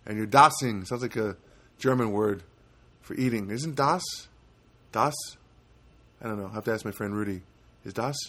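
A middle-aged man chats in a loose, meandering monologue. His voice sits at a middle pitch. He keeps correcting himself and drops in dry, self-mocking asides. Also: fairly bright tone. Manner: rambling, with many fillers and self-corrections. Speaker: vlogger. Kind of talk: rambling personal monologue.

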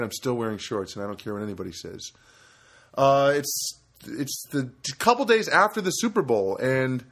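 A middle-aged New Jersey man hosts a casual solo podcast from his studio apartment, speaking in a mid-range, slightly bright voice. He rambles and keeps interrupting himself as he tells stories.

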